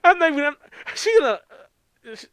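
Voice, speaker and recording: A man's voice: very high voice, very animated, quick pace, fairly bright tone, no room sound. An American man co-hosting a podcast in casual chat, rambling, laughing often and swearing freely. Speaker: podcast co-host.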